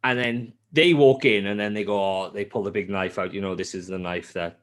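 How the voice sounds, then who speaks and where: A man hosting a podcast, telling a game's story in casual chat, swearing often and mimicking characters. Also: a little fast. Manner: animated storytelling, heavy swearing; acts out character lines in a high voice. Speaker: podcast host.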